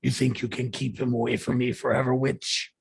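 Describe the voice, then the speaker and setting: A man's voice: medium pitch, flat delivery, a little fast, vocal fry, husky, dry recording, heavily acted. Man voicing taunting demon, possessive, menacing, tabletop game villain. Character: possessive male demon speaking through a host.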